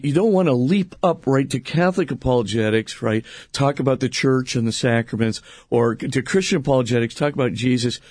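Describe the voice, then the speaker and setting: A priest speaking earnestly and emphatically, explaining theology in conversation with frequent restarts and rhetorical questions. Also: male voice, mid-range voice, darkish tone, no echo, clean studio sound. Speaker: priest and guest.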